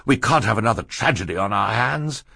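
A man voicing a middle-aged male banker who panics and babbles in a high-pitched voice. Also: expressive, a little fast, vocal fry, sharp tone, breathy edge, no room sound, clean studio sound, exaggerated voice. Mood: alarmed.

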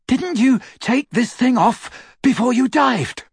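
A man voicing Ron, an awkward, sheepish teenage boy wizard, in a high, strained voice. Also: expressive, takes it slowly, vocal fry, breathy edge, no echo, studio quality, full character voice. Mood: breathless, shocked.

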